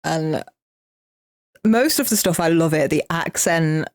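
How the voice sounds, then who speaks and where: A woman's voice: deep voice, slow pace. A woman with an English Midlands accent co-hosting a casual podcast, telling chatty, self-mocking stories. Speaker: podcast co-host.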